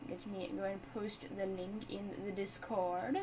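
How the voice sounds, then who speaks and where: A woman's voice: mid-range voice, level tone, a little slow, noisy background. A woman chatting casually as she sets up and opens a live game stream, thinking aloud as she goes.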